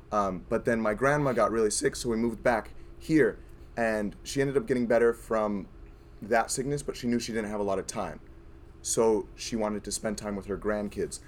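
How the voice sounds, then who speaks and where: Hoarse young guy, lowish voice, rambling earnest story, bit of room hum behind. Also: steady tone, normal speed. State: hoarse, voice worn from screaming. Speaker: audience member sharing a story. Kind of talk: casual personal story.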